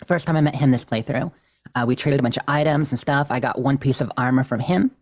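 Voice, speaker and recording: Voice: mid-range voice, fast. A podcast co-host casually recapping a game playthrough, chatty and self-deprecating, often laughing.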